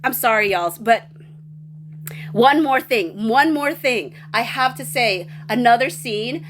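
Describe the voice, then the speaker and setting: A woman hosting a livestream, reading viewer comments and rambling excitedly with many restarts. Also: on the high side, slow pace, a little hiss or hum. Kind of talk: casual chat.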